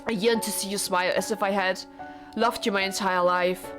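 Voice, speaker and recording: A woman's voice: mid-range voice, steady tone, moderate pace, natural voice. A woman reading the lines of a lovesick, formal young husband from a visual novel, earnest and pleading, with game music behind her. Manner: formal, pleading dialogue read aloud.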